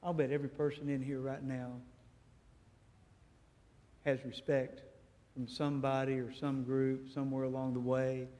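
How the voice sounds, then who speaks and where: A man preaching a sermon as a guest speaker, telling stories in a lively way and acting out dialogue in a church. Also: mid-range voice, normal speed, long pauses. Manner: animated storytelling, acts out dialogue. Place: church sanctuary. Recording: echoey church hall.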